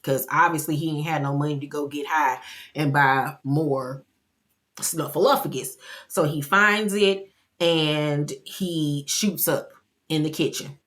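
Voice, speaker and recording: Woman, low voice, chatty show recap, expressive. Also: takes it slowly. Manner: chatty and expressive, acting out quotes. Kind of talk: casual episode recap.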